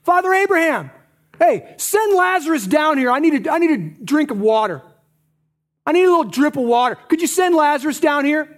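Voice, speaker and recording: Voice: high voice, very animated, fairly quick, pitched above the performer's own voice. A preacher voicing a proud rich man in hell who pleads for water while still giving orders. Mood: demanding.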